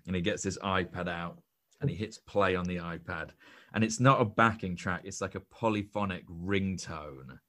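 A man's voice: low voice, normal speed, a bit bright. A young man, a podcast guest and actor, telling a self-deprecating story in casual chat with frequent restarts.

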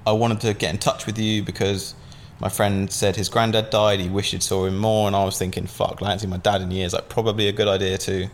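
A man's voice: lowish voice, flat delivery, brisk, hardly any pauses, a little hiss or hum. A man from Southampton, telling a long story as a podcast guest in a casual, rambling way, full of fillers and swearing. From Southampton, England.

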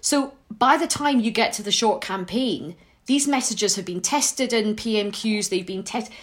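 A woman's voice: mid-range voice, a little slow. A woman in casual chat, telling stories with lots of laughter and shrieks when amused. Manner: animated storyteller, laughs often, squeals when amused. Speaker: podcast guest.

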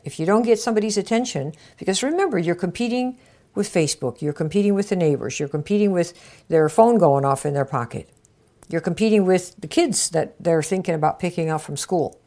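A woman with a slightly low voice hosts a casual marketing podcast and coaches her listeners directly. She acts out short exchanges, lifting her voice for each imagined speaker before she drops back into her own plain, easy tone. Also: a little fast. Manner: acts out little dialogues with lively shifts of tone.

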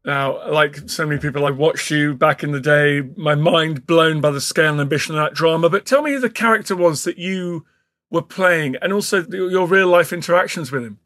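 A man's voice: a little high, a little fast, fairly bright tone, dry recording, clean studio sound. A man hosting a podcast, asking questions with casual enthusiasm. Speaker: podcast host. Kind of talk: interview questions.

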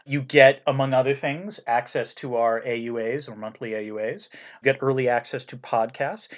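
A man's voice: medium pitch, fairly even intonation, normal speed. A middle-aged man co-hosting a podcast in casual chat, tossing in wry jokey asides. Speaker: podcast co-host.

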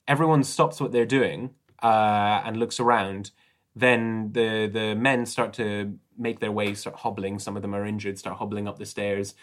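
Chatty game master with easygoing delivery. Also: male voice, lowish voice, measured pace. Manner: relaxed, chatty, many fillers. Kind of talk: narrating a tabletop game.

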